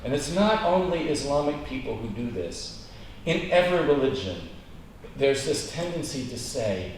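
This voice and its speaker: A man's voice: fairly high pitch, expressive, normal speed. A man preaching a sermon as pastor, telling stories and acting out the voices in a joke. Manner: storytelling preacher, acts out dialogue in a joke. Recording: echoey room, mic at a distance, faint hiss.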